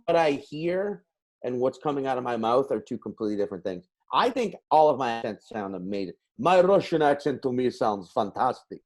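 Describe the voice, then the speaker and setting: A man co-hosting a podcast in casual chat, talking in an animated, profane and self-mocking way. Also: medium pitch, brisk. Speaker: podcast co-host.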